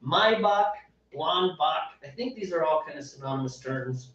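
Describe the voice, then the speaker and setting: A man's voice: on the high side, animated, normal speed, a bit bright. Joking guy with a bouncy, up-and-down voice, kinda far from the mic, super echoey room. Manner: playful, joking, laughing easily. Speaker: homebrewing show co-host. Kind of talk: casual chat. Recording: roomy, distant, dull sound.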